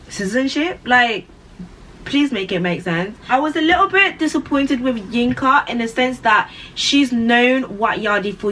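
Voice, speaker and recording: Animated woman, mic at a distance. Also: fairly high pitch, a little hiss or hum. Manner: animated, heavy use of "like" and rhetorical questions. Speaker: vlogger. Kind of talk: opinion commentary.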